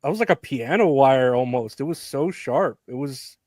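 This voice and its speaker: A man co-hosting a podcast, casually recapping a film with frequent laughs and halting restarts. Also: medium pitch, animated, darkish tone, dry recording, studio quality. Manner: laid-back, laughs often, halting restarts. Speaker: podcast co-host.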